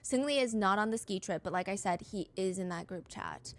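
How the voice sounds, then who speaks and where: A woman narrating a true-crime story in a brisk podcast style, quoting text messages as she goes. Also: mid-range voice, lively intonation.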